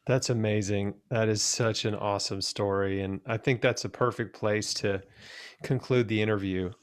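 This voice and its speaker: A man's voice: on the low side, fairly even intonation, normal speed. Chatty male podcast host. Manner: chatty, many fillers. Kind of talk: casual interview chat.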